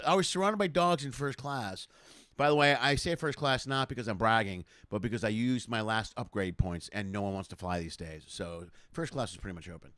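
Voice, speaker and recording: A middle-aged man talks quickly and loosely into a home webcam, spinning comic stories about life on the road. He rambles from one aside to the next with an animated, chatty delivery. The sound is close and dry, with no room echo. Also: medium pitch. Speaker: comedian hosting a livestream show. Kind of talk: casual stand-up storytelling. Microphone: home webcam setup.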